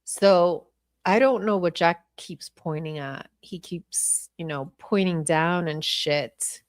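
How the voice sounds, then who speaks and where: Slow-talking blunt woman livestreaming. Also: fairly low pitch. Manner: blunt, profane, talks to viewers and chat; thinking aloud while replaying clips. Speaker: podcast host reviewing video footage. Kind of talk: casual livestream commentary.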